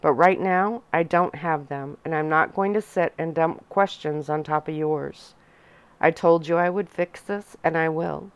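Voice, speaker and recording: A calm, protective vampire father who speaks in a gentle, measured way, voiced by a woman. His voice sits fairly low and comes through smooth and clean. It is part of a soft ASMR storybook reading. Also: no echo.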